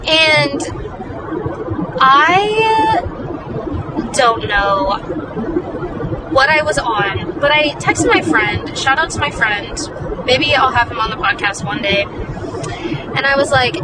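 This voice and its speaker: Young woman podcaster, high voice, dramatic and chatty, kinda far from the mic, traffic and people noise behind. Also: animated, slow pace, pauses often, a loud crowd. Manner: chatty, dramatic, self-deprecating. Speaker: podcast host. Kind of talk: casual storytelling monologue.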